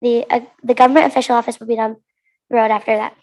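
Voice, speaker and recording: Young woman, American accent, reading aloud, fairly high voice, earnest with restarts. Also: level tone, fast talker, darkish tone. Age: teens. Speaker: student reader. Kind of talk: reading her own story aloud.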